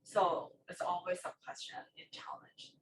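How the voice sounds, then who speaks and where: A woman speaking as a panelist in a halting way, searching for her words. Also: lowish voice, little pitch movement. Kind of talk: panel discussion. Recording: echoey room, far mic, faint noise.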